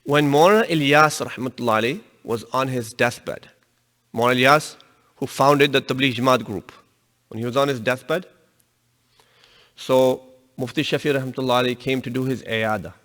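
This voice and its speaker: A man giving a religious lecture, telling a story in an animated way and raising his voice to stress his points. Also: mid-range voice, moderate pace. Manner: animated storytelling, voice rising with emphasis. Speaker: religious teacher. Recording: long reverb in a hall.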